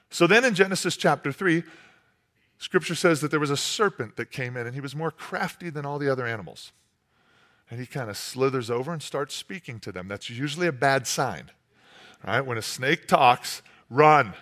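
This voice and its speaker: Male pastor, casual storytelling sermon, bright and animated delivery. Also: fairly high pitch, moderate pace. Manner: lively storytelling with playful character voices; conversational, uses fillers like "like" and "you know".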